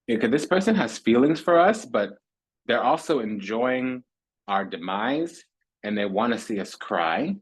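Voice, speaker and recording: A man's voice: mid-range voice, very animated, measured pace, slightly rough, poor audio. A man giving a casual tarot reading, sassy and theatrical, calling listeners honey and darling and repeating phrases for emphasis. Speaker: tarot reader.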